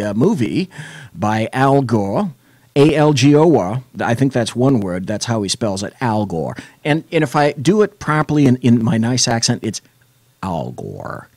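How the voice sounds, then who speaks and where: A male talk radio host who rambles through wry jokes and asides. His pitch swings lively up and down, and the studio sound is dry and close. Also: dry recording. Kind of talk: casual talk radio chat. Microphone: studio mic.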